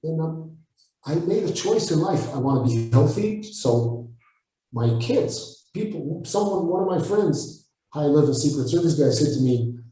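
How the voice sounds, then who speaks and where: A man with an Israeli accent answering interview questions, blunt and forceful, swearing freely. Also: on the high side, lively intonation, measured pace. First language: Hebrew. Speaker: Krav Maga instructor, guest. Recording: echoey room, far from the mic.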